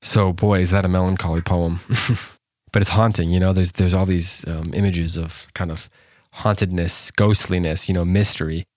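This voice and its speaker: A man with a low voice hosts a poetry podcast. He reads a poem slowly and then reflects on it in an easy, searching way, with the odd restart. The sound is dry and close, with no room around it. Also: fairly even intonation, a little mellow, no echo. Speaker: podcast host. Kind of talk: poetry reading and casual commentary.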